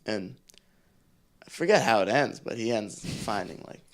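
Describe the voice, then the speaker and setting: A man in his twenties, a podcast guest, telling stories in a casual, animated way with laid-back slang and frequent laughs. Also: on the low side, normal speed. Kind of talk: casual storytelling.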